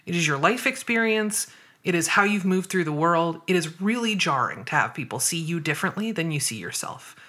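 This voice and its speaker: A woman's voice: lowish voice, animated, fairly quick, bright, forceful tone. A woman hosting a casual podcast conversation, explaining her views thoughtfully step by step and often checking in with "right?". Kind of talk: casual conversation on body image.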